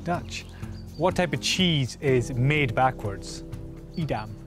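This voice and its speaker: A man's voice: medium pitch, lively intonation, slow pace. A young man presenting a Gaelic learning show, cracking puns in a playful, upbeat manner. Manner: punning, jokey, upbeat. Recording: music bed behind voice.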